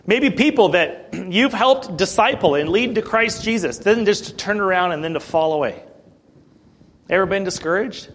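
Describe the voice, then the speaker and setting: A man with a fairly high voice preaches a sermon. He reads a passage aloud, then talks it through in plain words. He clears his throat often and keeps asking his listeners "okay?". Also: expressive, a little slow, long pauses, fairly bright tone. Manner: checks in with listeners, "Okay?" and "Amen?".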